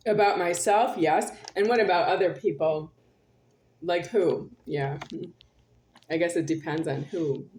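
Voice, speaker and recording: A woman's voice: lowish voice, a little slow, a little mellow, a little hiss or hum. A woman talking to camera in a rambling monologue, repeating and circling her phrases insistently. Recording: roomy echo.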